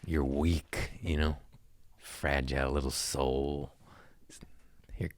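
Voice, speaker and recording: A man with a deep, low voice spins casual stories on his podcast, swearing freely and cracking himself up as he goes. The sound is close and dry, with no room around it. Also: fairly even intonation, slow, no room sound. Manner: loose, profane, laughing at his own stories. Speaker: comedian hosting a podcast. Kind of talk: casual storytelling chat.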